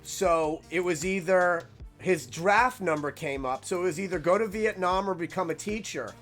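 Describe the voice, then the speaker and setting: A young man telling a casual, rambling story, animated and full of "like" fillers. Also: high voice, moderate pace, soft background music.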